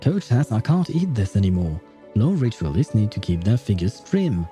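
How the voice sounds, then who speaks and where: A man's voice: on the low side, very animated, normal speed, warm tone, faint music behind. A man voicing a timid young girl athlete in a video game.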